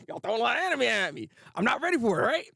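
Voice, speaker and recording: A young man hosting a casual anime review livestream, talking in an animated way, laughing often and chatting with viewers. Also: very high voice, gravelly, no room sound, clean studio sound.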